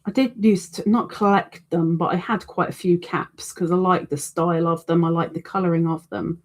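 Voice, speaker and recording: A woman's voice: lowish voice, fairly even intonation, normal speed, a little mellow. A middle-aged woman hosting a crochet live stream, chatting casually and self-deprecatingly, reading out viewer comments.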